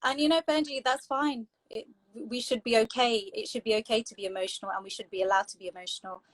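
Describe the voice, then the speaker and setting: A woman's voice: fairly high pitch, fairly even intonation, fast talker, no room sound, low-quality recording. Encouraging woman hosting an open mic. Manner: encouraging, supportive. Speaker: host. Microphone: video call.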